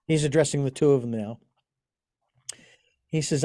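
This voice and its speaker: A man with a notably high speaking voice hosts a casual interview. He tells long, wandering anecdotes full of fillers and false starts. The sound is close and dry. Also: animated, normal speed, pauses often, warm tone, no room sound. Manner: rambling storyteller with many restarts and fillers. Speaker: podcast host.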